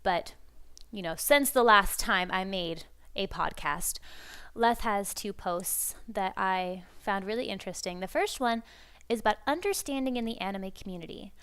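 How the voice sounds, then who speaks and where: Woman rambling on her podcast, excited fan energy, smooth clear voice. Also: medium pitch, normal speed. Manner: bubbly, rambling fan enthusiasm. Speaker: podcast host. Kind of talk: casual podcast chat.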